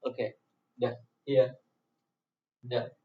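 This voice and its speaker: A man with a Vietnamese accent, a native Vietnamese speaker teaching an English class, going very slowly and saying each word several times over. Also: medium pitch, flat delivery. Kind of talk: slow classroom explanation. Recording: echoey room, dull lo-fi sound.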